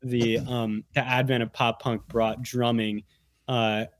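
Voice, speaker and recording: A man who is a guest on a podcast, chatting casually in an animated, rambling way with many restarts. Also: mid-range voice, slow, no echo, clean studio sound. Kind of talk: casual conversational interview.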